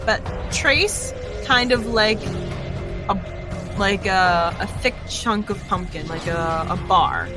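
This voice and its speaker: A woman's voice: medium pitch, slow pace. A woman co-hosting a casual livestream, teasing her partner and giving step-by-step directions. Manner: teasing, dry, instructive. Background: music.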